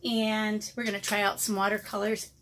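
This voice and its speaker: A woman's voice: medium pitch, level tone, normal speed, fairly bright tone, slight background noise. A middle-aged woman chatting casually through an art supply unboxing, rambling with lots of ums and a little out of breath. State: slightly out of breath. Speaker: watercolor artist vlogger.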